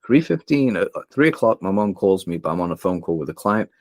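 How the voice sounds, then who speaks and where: A young podcast guest with a low voice and big pitch swings talks fast and a little mellow as he candidly recounts personal stories. He's earnest and emotional, with many fillers and restarts, captured in studio quality with no room sound.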